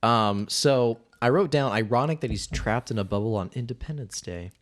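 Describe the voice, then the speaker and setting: A man co-hosting a podcast in casual movie chat, animated and quick to chime in with agreement. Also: mid-range voice. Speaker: podcast co-host.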